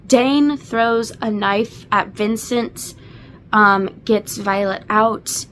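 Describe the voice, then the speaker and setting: A woman's voice: medium pitch, very slow, fairly bright tone, slight background noise. A woman in her twenties giving a casual, emotional book recap, gushing with lots of fillers. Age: 20s. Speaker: book reviewer.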